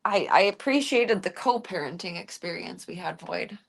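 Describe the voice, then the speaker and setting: A woman streaming casually from home, chatting with viewers and talking softly to her cats. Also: on the low side, expressive, normal speed, creaky. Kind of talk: casual live-stream chat.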